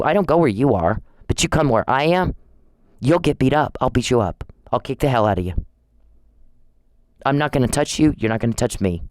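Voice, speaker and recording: A man's voice: mid-range voice, clear, resonant tone, dry recording, rough recording. A man in an angry, confrontational rant at home, accusing and taunting someone with repeated challenges.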